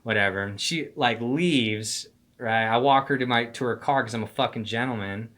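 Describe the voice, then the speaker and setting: A young man with a bright, forceful voice tells a story from his own life in a loose, casual monologue. His talk is slangy and profane, packed with "like", "dude" and "bro". His pitch sits at an ordinary middle height. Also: normal speed. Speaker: vlogger telling a personal story.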